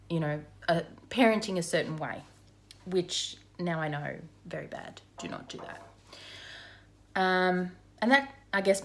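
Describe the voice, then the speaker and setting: A woman gives a candid personal account in a slightly low voice. She speaks frankly and conversationally, with plenty of ums and you-knows along the way. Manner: frank and conversational, with many fillers. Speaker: mother sharing her recovery story.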